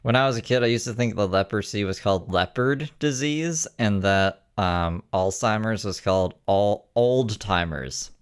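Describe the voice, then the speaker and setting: A man's voice: lowish voice, normal speed, few pauses, smooth. A man streaming, joking and swearing as he comments on replayed clips and thanks viewers. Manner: joking, profane, chatty asides.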